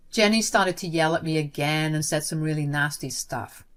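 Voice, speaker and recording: A woman's voice: low voice, moderate pace, few pauses. A woman narrating a first-person story in an indignant, dramatic way.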